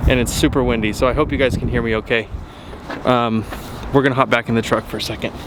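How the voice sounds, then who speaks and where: Upbeat male truck vlogger, casual walkaround delivery, ordinary mid-range voice, clear background noise. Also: medium pitch, fairly even intonation, fast talker. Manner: easygoing, upbeat, frequent "um" fillers. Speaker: truck reviewer. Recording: windy outdoor noise.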